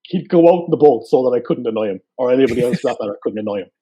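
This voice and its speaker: A man with a West Cork Irish accent, a photographer and guest, telling stories in relaxed casual chat with lots of fillers. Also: medium pitch, racing, husky. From Ireland. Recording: dull lo-fi sound.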